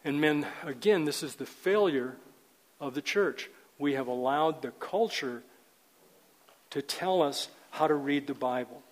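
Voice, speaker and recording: A man's voice: on the high side, measured pace, big-room sound, low-quality recording. An older man teaching a men's group in a sermon style, earnest and emphatic, often repeating words.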